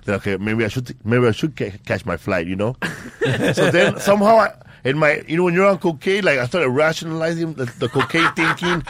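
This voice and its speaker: A man's voice: on the high side, expressive, fairly quick, a bit bright, no echo. A man hosting a casual podcast, telling profane party stories full of "bro" and "man" slang. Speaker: podcast host.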